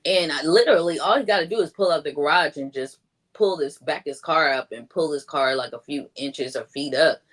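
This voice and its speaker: Telling her own story as a guest, a woman speaks fairly quickly in a low-pitched, slightly bright voice. Her chatty delivery is full of "like" fillers, and quoted lines come out in a raised voice.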